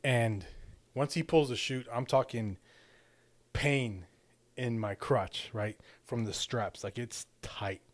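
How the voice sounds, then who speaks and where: A man's voice: mid-range voice, slow, dry recording. A man, a father and podcast co-host, telling a story casually and rambling, swearing a lot and checking in with his listener. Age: young adult to middle-aged father. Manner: rambling, profane, keeps checking in with 'right?'.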